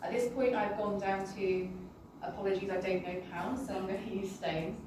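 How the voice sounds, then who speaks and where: A British woman telling her personal health story to an audience in a halting, emotional, apologetic way. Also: mid-range voice, steady tone. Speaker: guest sharing a personal testimony. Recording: roomy, distant, with background noise.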